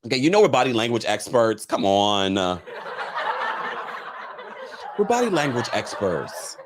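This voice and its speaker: A man hosting a casual reality TV recap, chatty and animated, reading viewer comments aloud and laughing often. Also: fairly high pitch. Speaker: host.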